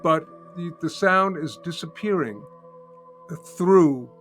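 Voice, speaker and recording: An older man teaching as a guest in an interview, calmly explaining and demonstrating a humming practice step by step. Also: on the high side, takes it slowly, soft background music. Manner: calm, patient, repeats steps and demonstrates by humming. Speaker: sound healing teacher, guest. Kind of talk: guided instruction in an interview.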